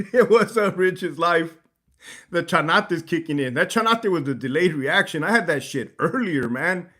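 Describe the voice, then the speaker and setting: A man's voice: fairly high pitch, animated, normal speed, bright, forceful tone. A man hosting a casual livestream, swearing freely and laughing as he talks to his chat. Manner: profane, laughing, reading chat aloud. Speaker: livestream host.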